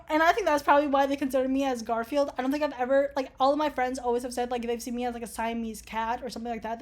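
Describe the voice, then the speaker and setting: A young woman casually talking through an online quiz, sarcastic and swearing freely. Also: sits high. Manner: sarcastic, swears a lot, laughs often. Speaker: vlogger taking an online quiz. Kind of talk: casual commentary reading a quiz aloud.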